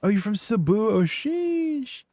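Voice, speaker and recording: With no room sound at all, a young Canadian gamer's high-pitched, very animated voice comes through with a darkish tone and an unhurried pace. Streaming live in a Canadian English accent, he banters playfully with viewers and asks them questions.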